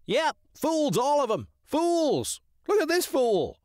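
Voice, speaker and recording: Squawky hyper crow, super high and excitable, storybook style. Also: male voice, slow, dry recording, clean studio sound, heavily acted. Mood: mocking.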